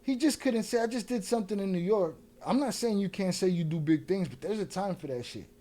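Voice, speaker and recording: Male host, heated reaction commentary, mocking and profane, higher pitch. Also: a little fast, mellow. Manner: profane, mocking, talks back at the clip. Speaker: podcast host reacting to clips.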